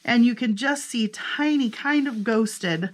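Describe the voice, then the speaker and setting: A woman's voice: fairly high pitch, unhurried. A woman casually narrating a flip-through of her handmade journals, chatty and self-amused, thinking aloud as she goes.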